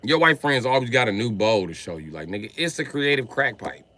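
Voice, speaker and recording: A man streaming live, riffing through a profane comic rant in an animated, swearing manner. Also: medium pitch, fairly quick. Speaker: comedian streamer.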